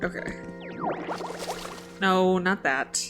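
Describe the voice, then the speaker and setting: A woman's voice: on the low side, extremely slow, loud music behind the voice. A woman streamer chatting live with her viewers, playful and mock-dramatic, laughing often.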